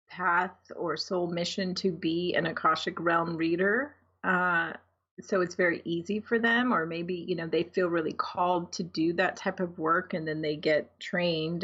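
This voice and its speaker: A woman's voice: on the low side, a bit bright, husky, dull audio. A woman, an energy healer and guest, talking casually and laughing easily, with many ums and you-knows. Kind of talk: casual interview talk.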